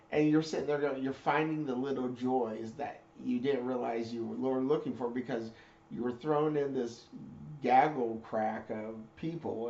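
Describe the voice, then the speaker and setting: A man's voice: mid-range voice, vocal fry, warm tone. A man telling a casual story, rambling with lots of fillers and self-corrections. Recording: roomy dull recording.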